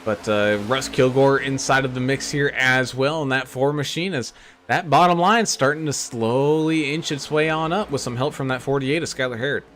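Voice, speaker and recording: A man with an ordinary mid-range voice runs the play-by-play of a sim race, calling car numbers and positions at a steady clip. A faint hiss of noise runs underneath. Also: mid-range voice, moderate pace.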